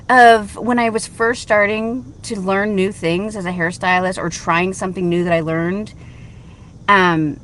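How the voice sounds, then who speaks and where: A middle-aged woman with a slightly low voice talks through her own podcast in a candid, chatty way. She tells stories loosely, with fillers and restarts. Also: a bit bright, a little hiss or hum. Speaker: podcast host, hairstylist. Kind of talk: casual solo podcast talk.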